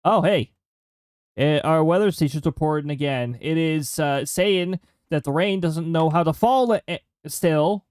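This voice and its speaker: A man chats through a role-playing game session, cracking small jokes and reading bits of the game aloud. His voice sits a touch higher than most men's, and the sound is close and dry with no room around it. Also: a little slow, a little mellow, clear, resonant tone, no echo. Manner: joking, chatty, reading game lines aloud. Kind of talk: casual gameplay commentary.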